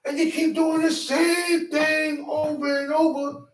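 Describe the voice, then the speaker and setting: A man's voice: very high voice, little pitch movement, a little slow, reverberant, recorded from a distance, low-quality recording. A man preaching a sermon in an emphatic, streetwise manner, drawing call-and-response from his listeners. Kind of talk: sermon teaching.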